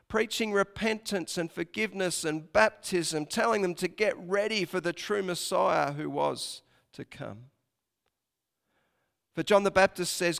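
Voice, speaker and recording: Male preacher, high gravelly voice, storytelling sermon, long hall reverb. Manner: storytelling with hushed dips and dramatic lifts. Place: church hall with congregation.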